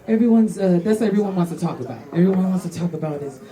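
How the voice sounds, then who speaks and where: A woman's voice: lowish voice, lively intonation, rapid-fire, warm tone. A young woman doing a loose, rambling stand-up set in a comedy club, often laughing between lines. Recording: live club recording with crowd laughter.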